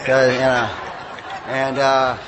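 A middle-aged man speaking at a recovery meeting, giving a candid, self-mocking personal testimony full of quick asides. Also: medium pitch, completely flat delivery, crowd noise, background noise.

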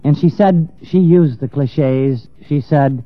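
A man telling a personal story to an audience with passion, stammering at times and swinging from hushed to raised. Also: on the high side, takes it slowly, no room sound. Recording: tinny lo-fi dry recording with faint music.

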